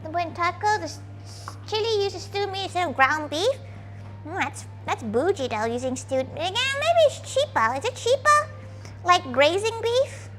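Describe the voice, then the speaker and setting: A woman's voice: extremely high pitch, sing-song, moderate pace, a bit bright. A woman streaming as a VTuber, chatting casually while cooking and talking to her dog, playful and crude, referring to herself in the third person.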